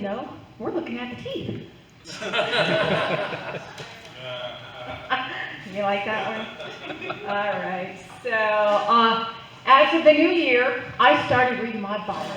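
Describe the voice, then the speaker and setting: A woman's voice: a little high, bright, forceful tone, slight background noise. Woman doing stand-up in an echoey club. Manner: playful, chatty, works the crowd. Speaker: stand-up comedian. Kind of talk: stand-up comedy set. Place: club stage, live audience. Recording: roomy, distant, dull live recording.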